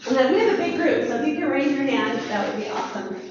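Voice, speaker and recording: A woman teaching a lively classroom lesson, asking the students questions and praising their answers. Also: high-pitched, fast, noisy background. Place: school classroom. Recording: echoey classroom from far off, dull.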